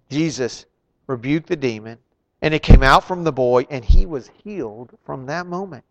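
A man preaching a sermon, retelling scripture dramatically and swinging between loud emphasis and hushed asides. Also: medium pitch, animated, normal speed, dull audio. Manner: dramatic, voices the figures in the stories he retells. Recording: long hall reverb.

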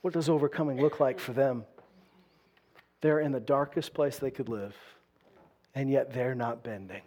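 A man preaching a sermon, moving between loud, driving bursts and quiet, low-spoken stretches. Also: normal speed. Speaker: pastor.

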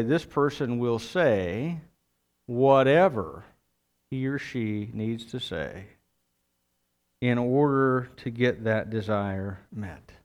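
A middle-aged man preaching a sermon, reading scripture and then explaining it in a conversational way with asides. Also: medium pitch. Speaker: pastor.

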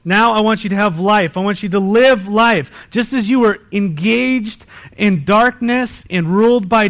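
A man with a high voice delivers a sermon as pastor of his church. His delivery swings from loud, rising bursts to quiet, hushed emphasis. He leans on rhetorical questions aimed straight at his listeners. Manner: pleads with rhetorical questions to the congregation. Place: church service.

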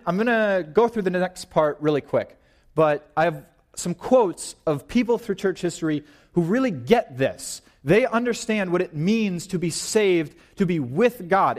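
A young man in his twenties giving an informal, animated sermon at church, pacing and gesturing as he talks. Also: high-pitched. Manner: paces and gestures while preaching, animated and informal. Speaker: young preacher.

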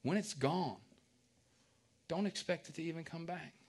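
A male preacher with a slightly high voice gives a relaxed, conversational sermon. He jokes and throws questions out to the congregation, then drops back into quoting scripture. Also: normal speed, breathy edge. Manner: joking with the audience, asking questions. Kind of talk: casual sermon.

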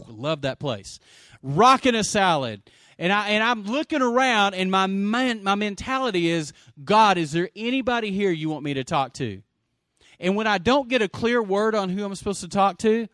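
A pastor with a drawl preaches with big swings, bursting out loud and then dropping to a hush. His voice sits a bit high for a man. The sound is dry and close, with almost no room echo. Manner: animated preaching, swinging from loud exclamations to quiet asides; calls for audience response. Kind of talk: sermon.

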